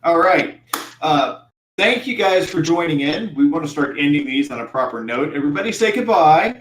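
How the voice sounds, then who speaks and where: A man's voice: on the high side, moderate pace. A man narrating a tabletop game as game master, hesitant and full of ums and uhs. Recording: roomy echo, faint background hum.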